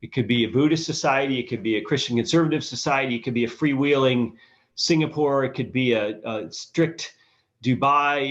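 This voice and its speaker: A man's voice: medium pitch, dull audio. A man from the US South, a guest in an interview, explaining earnestly and restarting as he thinks. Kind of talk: conversational interview.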